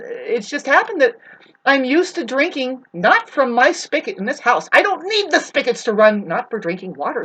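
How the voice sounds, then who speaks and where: A woman vlogger talks straight to her viewers in a rambling, profane rant, plainly agitated. Her voice sits a little high and swoops widely between low mutters and sharp outbursts. She swears often and jumps from one thought to the next. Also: breathy edge, low-quality recording. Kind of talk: ranting monologue to camera.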